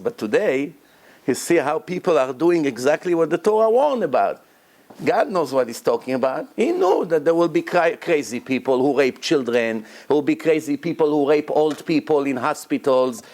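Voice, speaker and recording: Emphatic man lecturing, slightly high voice. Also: animated, moderate pace. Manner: emphatic, repeats words for stress, non-native grammar; breaks into loud acted shouting of prayers and quotes. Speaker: rabbi lecturer. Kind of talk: Torah lecture to a congregation.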